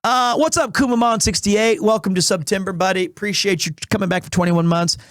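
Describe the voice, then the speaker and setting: A man in his thirties streaming live, chatting casually in a rambling, animated way with restarts, recovering from asthma and clearing his throat. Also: sits high, brisk, dry recording, studio quality. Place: small home room.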